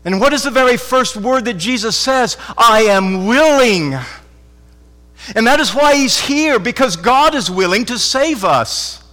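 High-voiced fervent preacher in a reverberant hall. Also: male voice, lively intonation, normal speed, few pauses, faint music behind. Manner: fervent, repeats phrases, stammered restarts, swings from loud to hushed. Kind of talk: sermon. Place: church with congregation.

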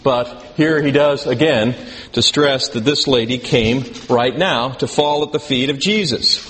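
A man's voice: mid-range voice, a little slow, a bit bright. A male pastor delivers a conversational sermon, asking his congregation questions and adding dry, self-deprecating asides. His voice carries a long reverb from the hall. A faint hiss stays under it.

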